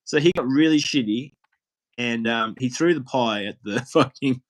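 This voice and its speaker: A man's voice: medium pitch, normal speed, low-quality recording. A man, a guest on a live stream, telling loose, rambling stories full of fillers and laughs. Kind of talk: casual swearing storytelling.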